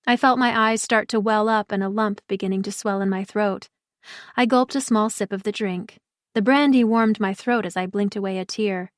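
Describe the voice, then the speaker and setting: A woman's voice: mid-range voice, steady tone, normal speed, no room sound, studio quality. Woman reading a first-person cozy mystery. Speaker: audiobook narrator. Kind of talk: first-person audiobook narration.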